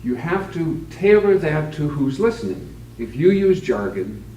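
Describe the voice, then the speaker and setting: A man, a physician, giving a conference talk on leadership with a joke, in a relaxed, plain-spoken storytelling way. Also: a little high, unhurried, lo-fi sound. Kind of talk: conference lecture with jokes. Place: meeting room with a live audience. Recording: echoey, distant, noisy room recording.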